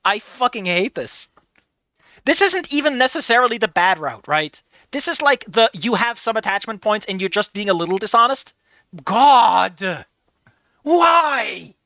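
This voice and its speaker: A streamer giving animated, swear-filled commentary while playing through a story game. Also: mid-range voice, measured pace, no room sound. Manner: animated, swearing, laughing often.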